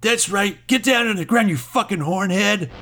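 A man voicing a rough, crude male street ganger who shouts insults, in a tabletop game. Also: high-pitched, moderate pace, soft background music, pitched above the performer's own voice. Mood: aggressive.

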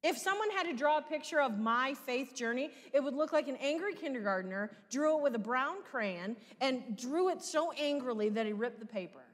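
A woman's voice: high-pitched, lively intonation, normal speed, hardly any pauses. Midwestern woman pastor, reverberant church. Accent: American Midwest. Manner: conversational preaching with rhetorical questions. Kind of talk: sermon. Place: church sanctuary.

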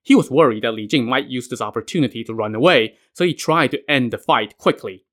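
A man's voice: mid-range voice, expressive, brisk, fairly bright tone. A man narrating a myth retelling in a casual way, with wry modern asides. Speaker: podcast narrator.

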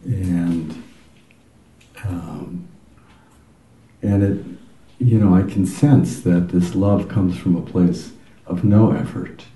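A man at a retreat speaking haltingly, searching for words with many fillers. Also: deep voice, dark tone, reverberant, low-quality recording. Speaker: retreat participant.

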